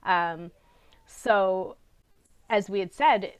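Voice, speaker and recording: A woman's voice: mid-range voice, measured pace. A woman with children co-hosting a podcast, talking in an earnest, reflective way and sometimes searching for her words. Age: adult parent. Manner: earnest, gently searching for words, with soft laughs. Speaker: podcast co-host. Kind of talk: reflective casual conversation.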